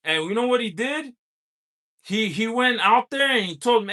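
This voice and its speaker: A man's voice: high voice, expressive, normal speed, sharp tone. A man hosting a casual livestream, reading viewers' chat messages aloud and answering them in a rambling, chatty way, laughing often and drifting into long stories.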